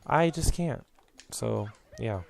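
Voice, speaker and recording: A man's voice: mid-range voice, expressive, slow, gravelly, darkish tone. A young man hosting a let's play, rambling and reminiscing through his commentary with lots of fillers, a bit out of breath.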